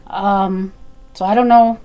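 A woman sharing personal spiritual revelations, reading her prayer journal aloud in an unhurried, halting way, with fillers and self-corrections. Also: mid-range voice, fairly even intonation, mellow.

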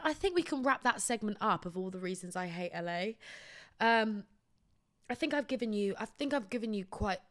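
A woman's voice: medium pitch, fairly bright tone. A British woman hosting a podcast, telling a comic story in a blunt, sweary, self-deprecating way. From Britain. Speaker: podcast host.

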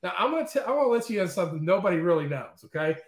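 A man guest in an interview, telling stories in a lively, chatty way and often checking in with "okay?" and "right?". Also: sits high, very fast, reverberant. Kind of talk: casual storytelling in an interview.

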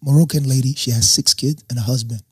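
A man's voice: medium pitch, quick pace, husky, dry recording. A young man, a guest, telling a personal story in casual talk and acting out what people said. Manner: animated storyteller acting out quotes.

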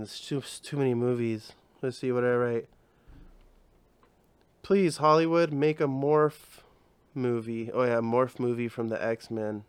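A young man with a smooth, medium-pitched voice hosts a podcast, recorded clean with no echo. He rambles casually through comedy chat, packing his talk with slang, swearing and filler words.

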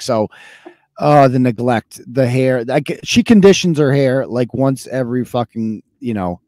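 A man's voice: medium pitch, a little mellow, no echo. Sarcastic, foul-mouthed male podcast host. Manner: profane, sarcastic, mocking. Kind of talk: casual live-show rant.

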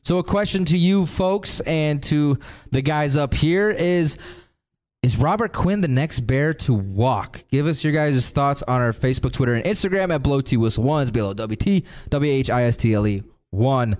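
Lively rambling podcast host, a man. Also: mid-range voice, moderate pace. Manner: laughing, rambling. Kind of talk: casual sports talk.

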